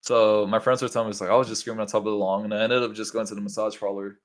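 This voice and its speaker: A man's voice: lowish voice, little pitch movement, rapid-fire. A young man chatting casually on a podcast, rambling with many fillers as he tells stories. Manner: rambling, lots of likes and bro. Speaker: podcast co-host. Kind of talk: casual chat.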